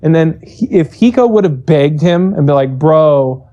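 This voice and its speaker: Rapid, animated man with a mellow voice. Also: a little high, muffled recording. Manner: rapid, animated, acts out quotes in raised voice; profane, many restarts and repeated words. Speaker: esports coach interviewed. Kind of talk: candid storytelling interview.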